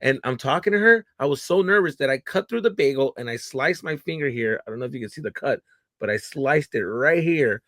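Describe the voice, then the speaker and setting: Male comic guest, lively cussing storyteller, dry close sound. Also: medium pitch, a little fast, no echo. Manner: animated, profane storyteller with many fillers. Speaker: comedian guest. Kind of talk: casual interview chat.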